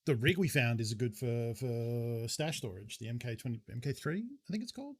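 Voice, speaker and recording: A man's voice: mid-range voice, sing-song, moderate pace, husky. A male streamer giving casual live commentary while playing a shooter, muttering his thoughts aloud and swearing now and then.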